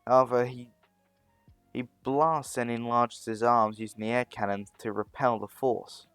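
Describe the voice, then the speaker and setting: Rambling male storyteller, slow. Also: mid-range voice, fairly even intonation, a bit bright, clear, resonant tone, dry recording, soft background music. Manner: rambling, self-correcting. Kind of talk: fan story narration.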